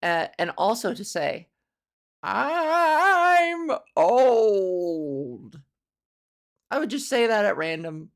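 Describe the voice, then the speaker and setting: A woman with a low, animated voice and a touch of vocal fry hosts her own comedy podcast solo, speaking at a moderate pace with few pauses. Her casual monologue rambles playfully from one silly thought to the next, relishing old-fashioned, grandiose words.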